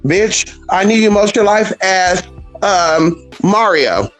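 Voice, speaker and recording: Speaking slowly and expressively in a mid-range voice, a woman vlogger gives a casual, opinionated monologue over faint music, with poor audio. She's sassy, blunt and profane, addressing viewers as "honey" and "girl" and talking back to imagined critics.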